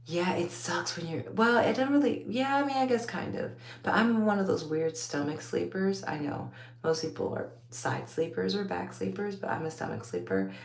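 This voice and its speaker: Late at night at home, under a bright light, a Texan woman takes out her braids while chatting casually to her viewers, rambling, laughing a lot and saying y'all. Her voice is fairly low with vocal fry and lively intonation, at normal speed, in a roomy-sounding space.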